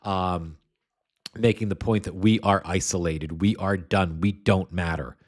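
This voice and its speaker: A man from the United States with a somewhat low voice hosts a political commentary livestream. He rambles, swears freely and speaks bluntly. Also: steady tone, unhurried. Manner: rambling, blunt and heavily profane. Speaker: host.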